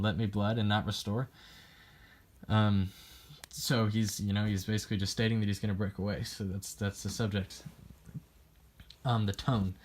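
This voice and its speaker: A young man giving a class presentation on a poem, hesitant and full of ums, reading quotes aloud as he explains them. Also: on the low side. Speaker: student presenting a poem analysis.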